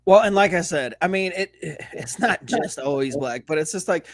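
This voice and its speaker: A man's voice: fairly high pitch, expressive, normal speed, no room sound. A man co-hosting a sports podcast, talking in a fired-up, profane, casual rant. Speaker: podcast co-host.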